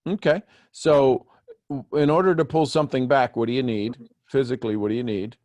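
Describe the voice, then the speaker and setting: A man's voice: medium pitch, brisk, dry recording, studio quality. A man hosting a live group coaching call on video, joking with his listeners and walking them through questions step by step. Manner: animated, teasing, questioning step by step. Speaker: host coaching callers.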